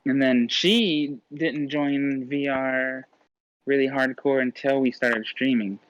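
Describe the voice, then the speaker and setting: A man's voice: medium pitch, steady tone, takes it slowly, no echo, dull audio. Guy on a podcast telling stories, laughs a lot, plain mid voice. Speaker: podcast guest, VR streamer. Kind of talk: casual chat.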